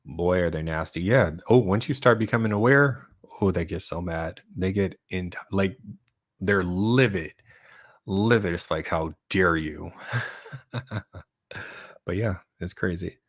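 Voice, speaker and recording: A man with a low, deep voice talks loosely and at length to his channel's viewers, reacting to their comments as he goes. He keeps tagging his points with "right?" and breaks into short laughs. The sound is dry and close, with no room echo. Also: normal speed. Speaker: channel host. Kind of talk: casual livestream monologue answering viewer comments.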